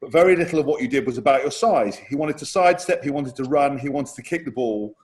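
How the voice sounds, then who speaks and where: A man's voice: mid-range voice, animated, fast, darkish tone. A man co-hosting a podcast in casual chat, asking teasing, playful questions. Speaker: podcast co-host.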